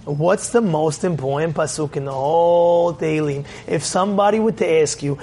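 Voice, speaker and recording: A man giving a sermon, telling a story in an animated way and acting out its scenes. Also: fairly high pitch, normal speed, a little hiss or hum. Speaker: religious speaker.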